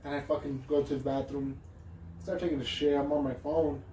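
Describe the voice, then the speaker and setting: A man's voice: a little high, level tone, fairly quick, mellow. Man, rambling podcast co-host, casual swearing, roomy echo, far from mic. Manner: rambling, swearing, restarts and laughs. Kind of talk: casual chat. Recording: echoey room, distant mic, faint noise.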